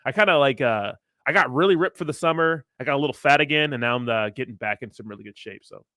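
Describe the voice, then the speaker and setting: A man's voice: medium pitch, fast, sharp tone, no echo, clean studio sound. A young man hosting a crypto livestream in casual, rambling, profane chat, reading viewer messages aloud.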